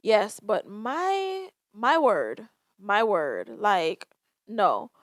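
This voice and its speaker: A woman's voice: mid-range voice, sing-song, drawn-out words, dry recording, studio quality. Sighing woman podcasting. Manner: emotional, sighing, swearing, candid. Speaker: podcast host. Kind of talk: casual solo podcast talk.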